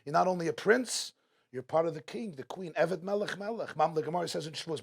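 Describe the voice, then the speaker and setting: Speaking fairly quickly in a creaky, somewhat high voice, a man gives an inspirational talk at a religious gathering in a community event hall. He poses rhetorical questions and repeats them for emphasis.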